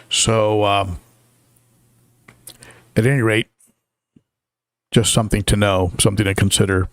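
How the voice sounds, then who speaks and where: Older male live stream host, low voice, dry close sound, rambling and friendly. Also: level tone, unhurried, pauses often, no room sound. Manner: chatty, many fillers and restarts, greets viewers. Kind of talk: casual live stream chat.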